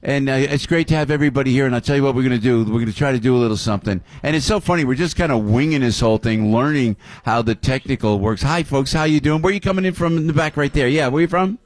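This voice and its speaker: A man's voice: medium pitch, fast talker, few pauses, no echo. An older man hosting a live radio show from a venue, boisterously working the crowd and greeting audience members. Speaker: radio host.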